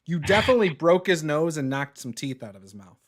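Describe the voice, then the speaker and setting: Man, game master, fairly high pitch, vivid cinematic narration, chatty. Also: expressive, quick pace.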